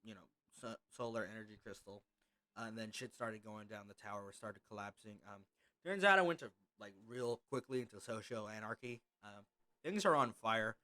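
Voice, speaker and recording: A man's voice: on the low side, moderate pace, bright, forceful tone, no echo. Man, game master, casual rambling narration, fillers, voice chat, dry sound. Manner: rambling and loose, with many fillers. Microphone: headset or desk mic on a voice call.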